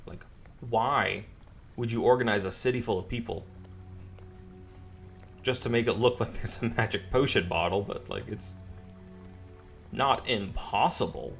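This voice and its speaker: A man's voice: fairly low pitch, measured pace, gravelly, long pauses, fairly bright tone. A man playing a narrative game, reading and musing aloud in a wry, trailing way. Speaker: let's play gamer. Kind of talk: casual gameplay commentary. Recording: faint game music behind.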